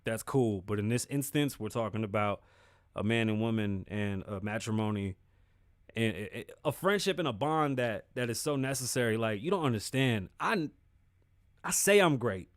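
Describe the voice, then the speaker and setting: A man's voice: lowish voice, lively intonation, normal speed, dry recording, clean studio sound. Profane, candid man hosting solo. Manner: candid, profane, emphatic street slang. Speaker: podcast host. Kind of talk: casual solo commentary.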